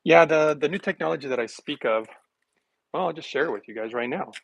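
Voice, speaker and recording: A man hosting a health livestream, chatting casually and rambling with sarcastic asides while making a smoothie in his kitchen, recorded on a phone. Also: a little high, fairly quick, a bit bright.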